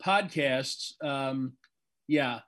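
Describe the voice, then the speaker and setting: An older man, a veteran sports broadcaster, giving measured, analytical answers in an interview. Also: mid-range voice, fairly bright tone.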